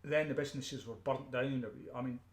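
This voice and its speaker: A Scottish street preacher speaks in an unscripted, emphatic rant at an ordinary middle pitch. He repeats words, restarts sentences and clears his throat often. His voice rings back from a bare, echoey room. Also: fairly even intonation, moderate pace. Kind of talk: unscripted ranting monologue.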